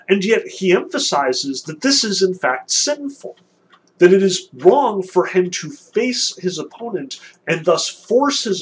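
A man giving a literature lecture, reading passages aloud with animated, emphatic delivery and casual fillers. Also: high-pitched, husky, poor audio. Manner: fillers and restarts, conversational.

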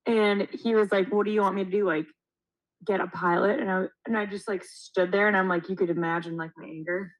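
A young woman co-hosting a podcast tells a story in casual chat, animated and swearing freely as she acts out quotes. Her medium-pitched voice moves briskly, and the recording quality is low.

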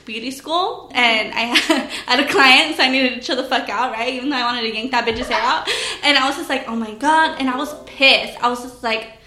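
A young woman telling stories in casual chat, animated, swearing heavily and laughing often. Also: high voice, moderate pace, echoey room. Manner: animated storyteller, heavy swearing, laughs a lot.

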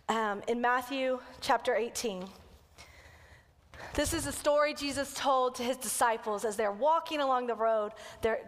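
A woman kids' pastor preaching a sermon as a lively storyteller who acts out the quotes. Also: a little high, in a large hall.

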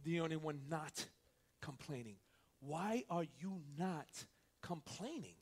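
A man pastor preaching a sermon, who swings from quiet asides to loud preaching and tells stories with quick back-and-forth dialogue. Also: a little high, animated, breathy edge.

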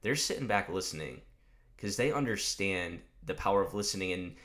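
A man hosting a podcast, giving a loose, energetic motivational monologue and swearing casually. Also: sits low, moderate pace. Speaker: podcast host.

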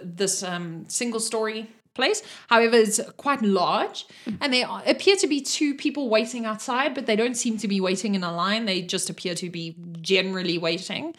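Woman, game master, tabletop narration, chatty, filler words. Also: a little high. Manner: descriptive, with many fillers.

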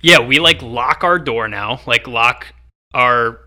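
Podcast co-host: young guy, bright and tense-sounding, loose rambling anecdote. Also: mid-range voice, slow pace. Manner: rambling storyteller, filler-heavy. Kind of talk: casual chat.

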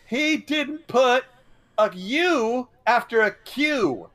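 A man's voice: very high-pitched, expressive, very slow, sharp tone, voice pushed up, exaggerated voice. A man putting on a mock redneck accent, joking in an exaggerated drawl. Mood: mock outrage. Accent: put-on Southern US rural. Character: mock redneck man ranting about the law.

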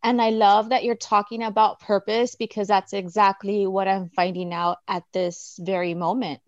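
A woman's voice: mid-range voice, moderate pace, no echo, dull audio. Earnest woman sharing her story on a call. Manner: earnest, reflective storytelling with animated quoted asides. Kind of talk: casual personal sharing on a video call.

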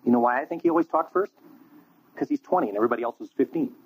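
A man preaching a sermon, telling a story in an animated, conversational way. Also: medium pitch, rapid-fire, slightly rough. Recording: tinny phone-like line.

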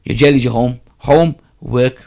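A man's voice: medium pitch, a little slow, creaky, a little mellow. A man telling a story and giving advice in an emphatic, repetitive way, full of street slang.

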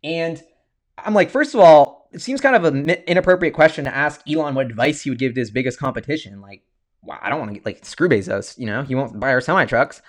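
A man hosting a casual livestream, excitable and rambling, often restarting his sentences as he talks. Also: mid-range voice, fast talker. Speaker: stock-market video host.

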